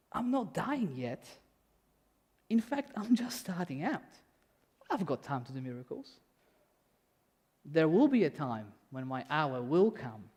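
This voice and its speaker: A young man preaching a sermon in a church, conversational and animated, voicing quotes playfully. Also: a little high. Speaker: pastor.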